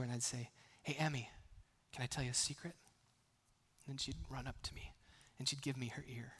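A man pastor preaching a sermon in a conversational way, with frequent restarts and playful asides, moving between hushed, near-whispered lines and loud, emphatic bursts. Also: mid-range voice. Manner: playful humor between earnest points.

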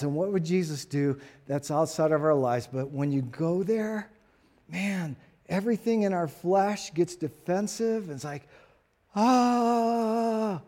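Man, pastor, sermon, earnest, rhetorical questions, slightly higher voice, softens for quiet asides. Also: moderate pace.

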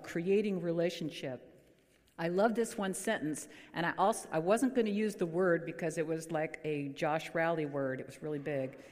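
A woman pastor preaching a sermon in a church, chatty and joking as she quizzes the congregation. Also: on the low side. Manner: conversational, quizzes the congregation with light humor. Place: church sanctuary. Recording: long church hall reverb.

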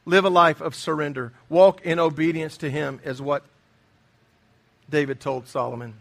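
A man's voice: on the high side, steady tone, normal speed, creaky. A middle-aged man preaching a sermon, earnest and emphatic, often repeating his key phrases. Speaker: pastor.

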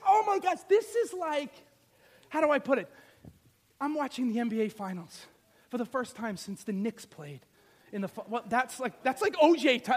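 A male pastor preaching an animated sermon, firing rhetorical questions and swinging from loud to soft. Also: extremely high pitch.

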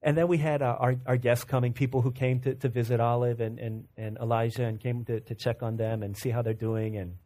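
A man's voice: mid-range voice, flat delivery, brisk, hardly any pauses, mellow. A male pastor preaching a sermon in a conversational storytelling way, often repeating and restarting words as he builds to fervent points.

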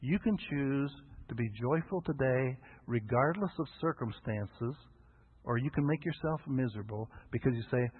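A pastor preaches a sermon, telling folksy stories and acting out the voices of the people in them. His voice is medium-pitched with a breathy edge, heard over a tinny, phone-like radio broadcast.

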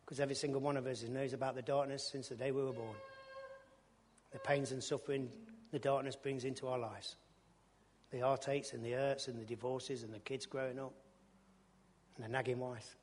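A man preaching his testimony in a colloquial storytelling way, with bursts of loud enthusiasm. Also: mid-range voice, flat delivery, normal speed, long pauses, slightly rough, in a large hall. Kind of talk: testimony sermon.

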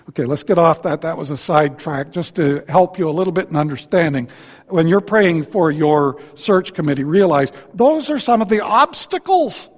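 A high-pitched man delivers a sermon in a church sanctuary, his voice trailing off in a long hall reverb. He talks in a folksy way and drops joking asides between his points. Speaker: guest preacher.

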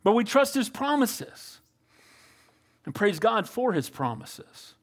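A middle-aged male pastor preaching a sermon, calling for amens and moving between loud exhortation and quiet reflection. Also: high-pitched, very animated, takes it slowly. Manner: preachy, calls for amens, shifts from loud to soft.

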